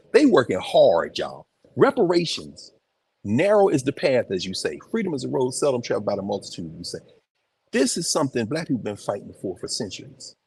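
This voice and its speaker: Husky, animated man lecturing in a museum. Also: mid-range voice. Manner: animated, conversational, emphatic asides. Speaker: professor giving a lecture. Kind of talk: informal on-location lecture. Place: museum, indoors.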